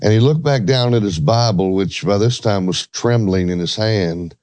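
A man's voice: on the low side, moderate pace, a little mellow, no echo. A middle-aged man earnestly telling a church story, emphatic when quoting others. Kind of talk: storytelling in a religious talk show.

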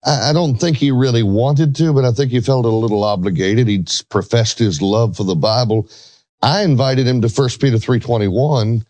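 A man's voice: medium pitch, moderate pace, dark tone, dry recording. A middle-aged man earnestly telling a church story, emphatic when quoting others. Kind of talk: storytelling in a religious talk show.

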